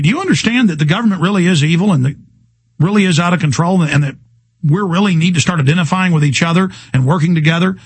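A man's voice: on the high side, husky, dry recording. A male radio host delivering an agitated, ranting talk radio monologue, often stumbling over repeated words.

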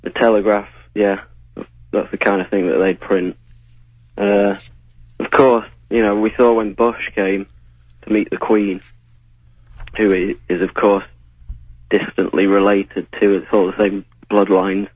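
A fairly low-voiced man speaks as a radio guest over a dull, dry-sounding line. He answers with pauses and restarts, keeping a wry, understated tone. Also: flat delivery, slightly rough, no echo. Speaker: guest commentator.

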